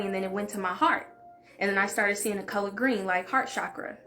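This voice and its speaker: A woman vlogger tells a personal story in a loose, chatty way, often saying "like". Her voice is mid-pitched and unremarkable in its height. Faint music plays softly behind her. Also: flat delivery, brisk. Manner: chatty, open, fills speech with "like". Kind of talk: casual story time.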